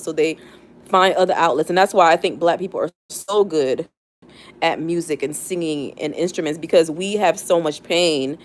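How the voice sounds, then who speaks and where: A young woman hosting a casual live stream, chatting and reflecting with many fillers and restarts. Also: lowish voice. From United States, not the South. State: near tears. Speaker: livestream host.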